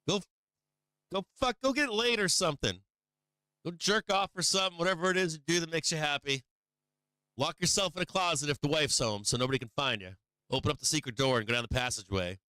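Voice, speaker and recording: Brash trading-stream host, a man with a sharp, high voice, swearing freely. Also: fast talker, smooth, no room sound. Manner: brash and profane, laughing often. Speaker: stock market livestream host. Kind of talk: live trading commentary.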